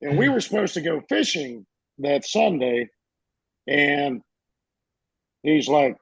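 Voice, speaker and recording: A man, a podcast co-host telling a story in a casual, animated way and acting out the voices in it. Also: fairly high pitch, a little slow, gravelly, pauses often, slightly rough, no echo. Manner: animated, acts out voices in his stories.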